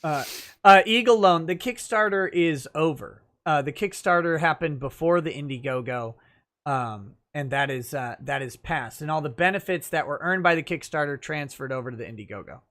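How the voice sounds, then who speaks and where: A man's voice: on the high side, normal speed, fairly bright tone. A man hosting a casual livestream talk show, reading viewer messages aloud and laughing often.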